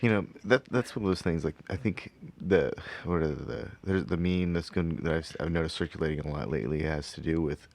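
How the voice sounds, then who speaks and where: A man's voice: rumbling low, fairly quick, few pauses, a little mellow, no room sound. A man chatting casually, hesitant and often restarting his sentences. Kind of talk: casual chat.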